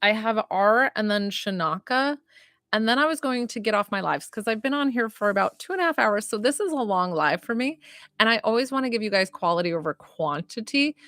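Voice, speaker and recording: A woman's voice: a little high, animated, a little fast, a bit bright, dry recording. A woman giving live-stream psychic readings, chatty and giggly, full of likes and ums. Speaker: psychic reader.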